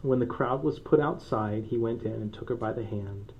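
A man, a pastor with children, preaching a sermon in a relaxed, joking way and laughing often. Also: mid-range voice, moderate pace, lo-fi sound, slight background noise. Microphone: microphone.

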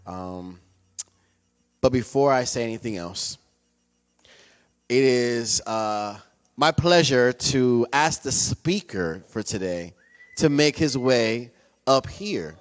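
A church minister speaking to the congregation, hesitant with many fillers and restarts, turning playful. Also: male voice, mid-range voice, lively intonation, slow pace, long pauses. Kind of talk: church announcement. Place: church sanctuary.

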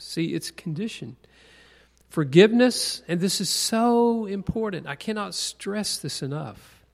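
A man's voice: sits high, expressive, measured pace, gravelly. A man teaching a Bible class in a conversational sermon style, asking the group questions and repeating key points for stress. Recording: long hall reverb.

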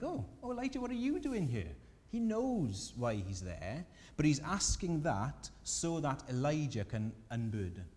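A man preaching a sermon as pastor, earnest and gentle, his emphasis rising on key points. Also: mid-range voice, in a large hall. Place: church.

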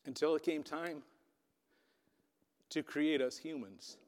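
A man's voice: on the high side, takes it slowly. Man preaching in a reverberant hall. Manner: dramatic storytelling with shifting loudness. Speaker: pastor. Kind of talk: sermon. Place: church hall.

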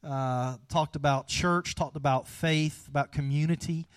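A pastor preaching a relaxed, folksy sermon, chatting with the congregation before building to animated emphasis. His voice sits a little high for a man. The sound is dry, with little room echo. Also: a little slow, clear, resonant tone. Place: church sanctuary.

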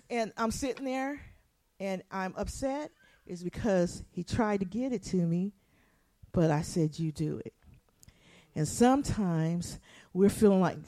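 A woman pastor preaching a sermon, animated, acting out quotes and asking the congregation to respond. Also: medium pitch, dry recording, studio quality.

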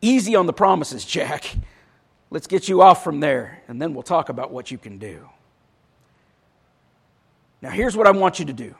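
A preacher putting on a calm, unhurried God who talks plainly and patiently. He gives firm, simple instructions with a quiet steadiness. The voice stays close to the preacher's own. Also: on the high side, vocal fry, breathy edge, heavily acted.

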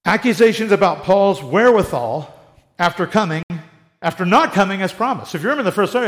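A middle-aged man teaches scripture in a loose, conversational way, his voice sitting high for a man. He gets animated, swinging into little acted-out voices for the people he quotes and chuckling at his own asides. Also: normal speed, long pauses. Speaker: Bible study teacher.

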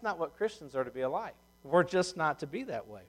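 A man's voice: a little high, sing-song, brisk. A middle-aged man preaching a sermon, mixing scripture with a folksy personal story. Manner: folksy, drops from loud scripture reading to quiet storytelling.

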